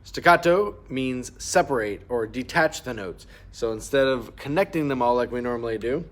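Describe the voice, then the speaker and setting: His voice is medium in pitch and expressive, moving at a moderate pace. A band teacher, he guides a student through a clarinet part, patiently covering fingerings and markings and vocalizing rhythms to show how they go.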